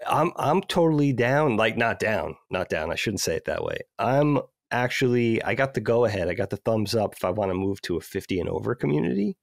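A man's voice: lowish voice, very animated, a little fast, vocal fry, hardly any pauses, no echo, studio quality. A man in his fifties with a stuffed-up head cold voice, joking about himself as a podcast co-host. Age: 50s. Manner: self-deprecating, joking. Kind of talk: casual podcast chat.

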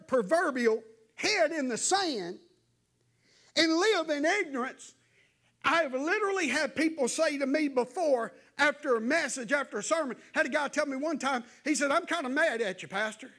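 A man's voice: extremely high pitch, animated, measured pace, a bit bright. A male pastor, preaching an evening sermon in a folksy, conversational way that builds into fervent exhortation. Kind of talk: evening sermon to a church congregation. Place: church.

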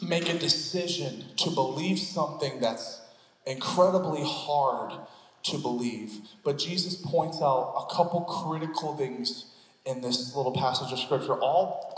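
A man preaches in a church sanctuary, his voice sitting a little high for a man. He is lively and jokey and slips into comic voices to act out stories. The room is echoey, with a long hall reverb trailing after his words. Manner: animated, joking, acts out scenes in funny voices. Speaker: pastor. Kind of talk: sermon.

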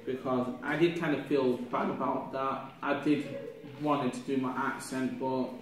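A young man, a drama student, reflecting aloud on his performance in a halting, rambling way with many restarts, sounding ill with a cough. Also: medium pitch, flat delivery, a crowd in the background. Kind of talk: spoken self-reflection. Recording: echoey room from far off, faint noise.

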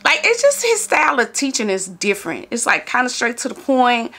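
Lively bright-voiced woman vlogger in her 40s. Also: on the high side, fairly quick. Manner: animated, exclamatory, with playful whoops. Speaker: lifestyle vlogger. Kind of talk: casual chatty vlog.

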